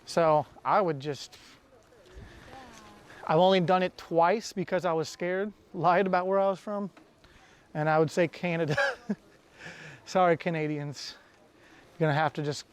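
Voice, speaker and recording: Clear and resonant, this fairly high, steady male voice moves unhurriedly, with long pauses. He's an American travel vlogger chatting to camera outdoors, rambling, correcting himself, laughing lightly and slightly out of breath.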